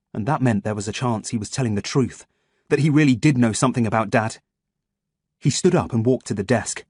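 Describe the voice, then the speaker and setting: A man narrating an audiobook in a steady, measured storytelling manner. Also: mid-range voice, husky, dry recording, clean studio sound.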